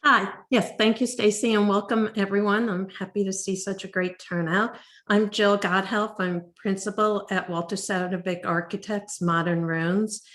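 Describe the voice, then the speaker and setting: A woman's voice: medium pitch, fairly even intonation, moderate pace, a bit bright. A woman architect introducing herself as a guest speaker on a webinar. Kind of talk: self-introduction. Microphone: video call.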